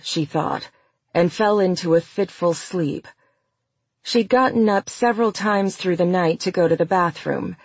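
Slow, husky audiobook narrator. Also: mid-range voice, no room sound.

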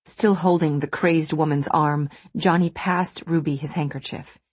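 Low, husky woman narrating a story. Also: fairly even intonation, unhurried, no echo. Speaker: audiobook narrator. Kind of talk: scripted narration.

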